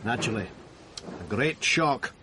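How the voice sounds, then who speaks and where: An actor playing a fussy, flustered wine merchant in a period crime drama. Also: male voice, mid-range voice, animated, moderate pace, background noise, lightly acted. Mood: genial. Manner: fussy, flustered, nervous laughs. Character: fussy, genial older male wine merchant.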